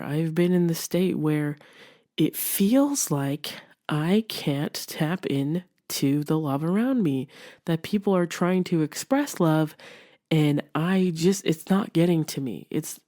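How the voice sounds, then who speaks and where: A woman's voice: low voice, mellow. A young woman hosting a podcast, giving an earnest, encouraging self-help talk in a conversational way. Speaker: podcast host.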